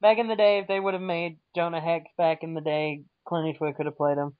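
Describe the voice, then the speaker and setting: A man's voice: on the high side, level tone, a little fast, no echo, phone-quality sound. A man joking casually on a cartoon commentary, calling out pop-culture references as they come. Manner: jokey, blurts out references.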